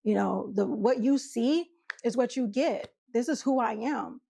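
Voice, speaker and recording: Woman relationship coach, country twang, higher voice with a gravelly edge, casual talk, acts out quotes. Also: a little slow, warm tone. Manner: chatty, laughs often, acts out quotes. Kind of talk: casual monologue to camera.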